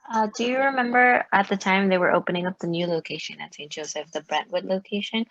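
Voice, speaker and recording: A young woman asking interview questions as a student interviewer, reading them in a measured tone. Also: mid-range voice, fairly bright tone. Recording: dull lo-fi recording.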